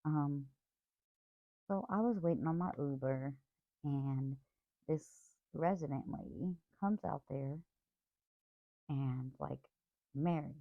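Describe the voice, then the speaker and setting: Slow gravelly woman chatting on a tinny line. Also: sits low, no echo. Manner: rambling, apologetic, chatty. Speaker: craft vlogger. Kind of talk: casual chat. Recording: tinny phone-like dry sound.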